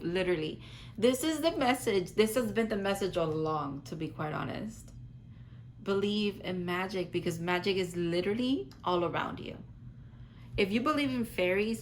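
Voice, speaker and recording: In a low-quality recording with slight background noise, a woman with a medium-pitched voice gives her viewers a casual, rambling tarot reading. She fills it with "like" and offers effusive reassurance.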